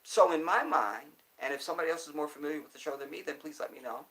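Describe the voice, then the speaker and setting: A man's voice: a little high, fast, a bit bright, poor audio. A man speaking casually and emphatically to his viewers, repeating his points for stress. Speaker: commentator. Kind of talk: casual monologue.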